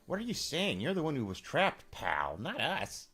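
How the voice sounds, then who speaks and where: A man's voice: a little high, wildly swooping pitch, moderate pace, sharp tone, slightly rough, voice pushed up, full character voice. A man voicing a blunt, impatient young male adventurer with a sarcastic edge.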